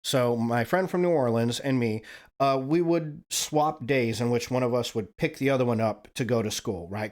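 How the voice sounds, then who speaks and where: A man's voice: mid-range voice, darkish tone. A man from Wyoming hosting a stream, telling a rambling, casual story and tagging "right?" onto his sentences. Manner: rambling, profane, frequent "right?" tags. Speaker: stream host.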